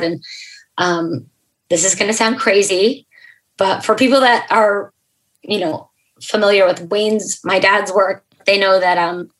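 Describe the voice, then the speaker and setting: A young adult woman, a podcast guest, telling an emotional personal story in an earnest, halting way, with fillers and restarts. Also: medium pitch, a bit bright, poor audio.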